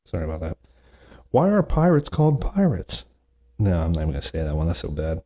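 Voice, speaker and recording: A man's voice: deep voice, big pitch swings, brisk, warm tone. A man hosting a solo comedy podcast, reading corny jokes aloud with chatty, self-mocking asides and groans at how bad they are. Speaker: podcast host.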